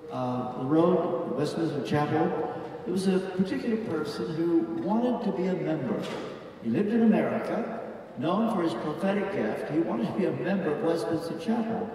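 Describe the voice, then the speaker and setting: A man's voice: high voice, darkish tone. An older man preaching a sermon as a pastor, earnest and emphatic, acting out the voices he quotes. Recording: echoey hall, from far off.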